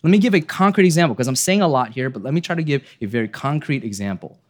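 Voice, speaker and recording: A pastor preaches a sermon in an earnest, animated way at a quick pace. He poses rhetorical questions and drops his voice low to land key points.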